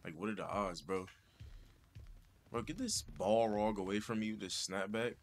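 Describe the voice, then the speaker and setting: A man's voice: fairly low pitch, lively intonation, moderate pace. A man giving casual, slangy gameplay commentary and constantly saying "bro.". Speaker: gaming channel host.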